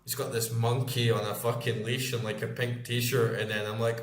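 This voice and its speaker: A man's voice: mid-range voice, steady tone, moderate pace. A man in his forties, a gaming YouTuber telling a long story in a rambling, filler-heavy way with plenty of swearing. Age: 40s. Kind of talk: casual storytelling. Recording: roomy echo.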